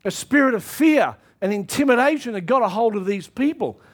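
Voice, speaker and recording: Guy preaching hard, really high voice for a man, builds up to shouting at the church. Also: expressive, a little fast. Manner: impassioned preaching that swells into shouted exhortations. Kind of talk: sermon.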